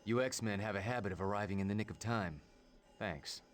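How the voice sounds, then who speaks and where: An actor playing a calm male engineer in a video game, matter-of-fact. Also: fairly low pitch, fairly quick, lightly acted.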